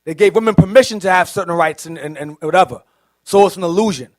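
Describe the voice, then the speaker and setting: A man's voice: high voice, quick pace, no room sound. A man speaking as a deacon, assertive and lecturing on a preaching panel.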